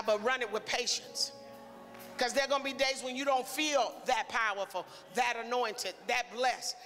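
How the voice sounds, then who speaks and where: A male preacher delivering a call-and-response sermon, exhorting the congregation and building to shouts. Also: very high-pitched. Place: church sanctuary. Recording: reverberant church hall, faint crowd.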